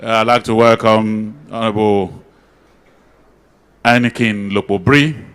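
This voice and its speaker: A man's voice: lowish voice, fairly even intonation, fairly bright tone, clean tone. A man acting as master of ceremonies, formally welcoming dignitaries and guests. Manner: formal, measured greetings.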